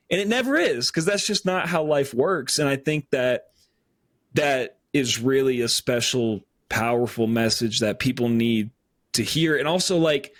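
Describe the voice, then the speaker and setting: A man's voice: medium pitch, measured pace, a bit bright, no echo, studio quality. A man co-hosting a casual podcast chat, talking earnestly and rambling with many fillers, getting choked up. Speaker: podcast co-host.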